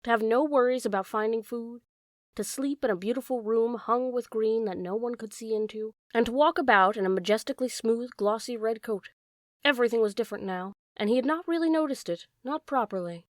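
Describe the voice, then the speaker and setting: A woman narrating a classic storybook audiobook in a calm, measured way. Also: a little high, dry recording, studio quality.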